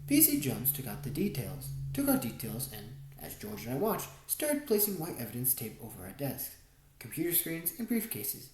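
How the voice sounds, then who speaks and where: A woman reading a first-person memoir as an audiobook narrator, expressive storytelling. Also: very deep voice, normal speed, roomy sound, slight background noise, low-quality recording. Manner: expressive storytelling, wide swings in tone.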